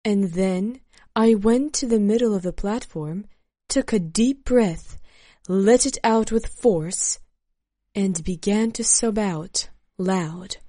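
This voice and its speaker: A woman slowly narrating a first-person memoir in a measured storytelling manner. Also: medium pitch, warm tone, dry recording, studio quality.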